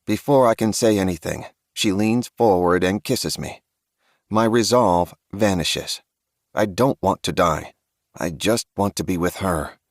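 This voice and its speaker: A man's voice: low voice, dry recording, clean studio sound. A man reading a first-person horror audiobook with a grave, tense storytelling manner. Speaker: audiobook narrator.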